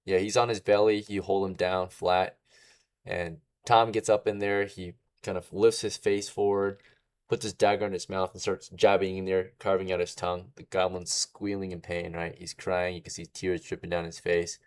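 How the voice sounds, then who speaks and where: A man's voice: sits low, level tone, normal speed, a little mellow. A man narrating as game master in a casual way, often checking in with "right?". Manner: casual, tags lines with "right?".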